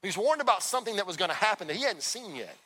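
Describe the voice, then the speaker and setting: A man preaching a sermon as a pastor in a church, talking conversationally and breaking into quick acted-out dialogues. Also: high-pitched, big pitch swings, sharp tone. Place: church sanctuary. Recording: long hall reverb.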